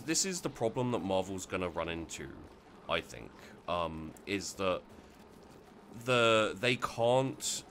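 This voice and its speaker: A low-voiced man hosting a let's play chats loosely over his game footage, rambling with fillers and restarting sentences as he circles back. His voice has a bright, forceful edge, with a faint hiss underneath.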